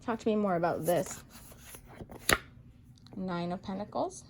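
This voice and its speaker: A woman reading tarot cards for viewers in a chatty, playful way, excitable and full of pet names. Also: mid-range voice, measured pace, noisy background. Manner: playful, chatty, calls listeners baby girl and boo; excitable, gasps and exclaims over cards. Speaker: psychic medium tarot reader.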